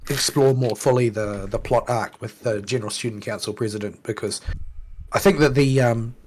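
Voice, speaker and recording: A man's voice: medium pitch, normal speed, darkish tone, poor audio. A man co-hosting a casual video game podcast, talking through story themes in an earnest, analytical way and often restarting his phrases. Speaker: co-host. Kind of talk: casual gaming podcast chat.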